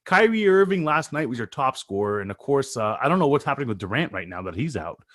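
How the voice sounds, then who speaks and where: A man co-hosting a casual sports podcast, eager and animated as he runs through his notes. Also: mid-range voice, fast talker. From Pacific Northwest of the US. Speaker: co-host.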